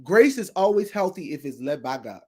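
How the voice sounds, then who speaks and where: A man's voice: on the high side, sing-song, normal speed, a little mellow. A man, a guest on a talk show, speaking in an emphatic, preachy way about faith and everyday life. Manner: preachy and emphatic, acts out quoted voices.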